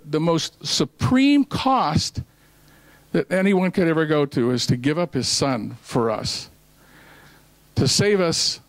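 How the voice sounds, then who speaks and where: High-voiced preacher guy telling a homey joke in his sermon, dry sound. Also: dry recording, low-quality recording. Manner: folksy storytelling, with restarts and scripture quotes. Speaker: minister. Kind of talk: sermon with a joke told along the way. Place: ministry meeting.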